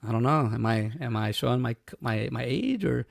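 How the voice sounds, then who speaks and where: A man in his thirties, co-hosting a podcast in casual chat, telling stories quickly and swearing freely. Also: mid-range voice, lively intonation, gravelly, no room sound, studio quality. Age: 30s. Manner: fast, swearing, storytelling. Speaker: podcast co-host.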